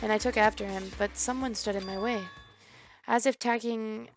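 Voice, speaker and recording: A woman streamer reading a video game's narration aloud, in a quiet, even way. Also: on the high side, moderate pace, music in the background.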